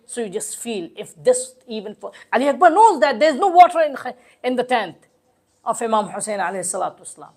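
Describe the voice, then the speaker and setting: A man giving an emotional mourning sermon, moving from hushed, drawn-out phrases to raised, shouted lines. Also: very high-pitched, sing-song. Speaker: religious lecturer.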